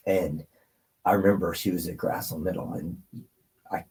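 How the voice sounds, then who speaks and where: A man's voice: low-pitched, fairly even intonation, normal speed, darkish tone, breathy edge, rough recording. A man in his forties, a podcast guest, telling a personal story in a rambling, emotional way with many fillers.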